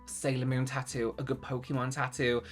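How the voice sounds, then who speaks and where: A man's voice: medium pitch, flat delivery, moderate pace, soft background music. A man hosting a reaction video, giving sarcastic commentary on social media posts and reading them aloud.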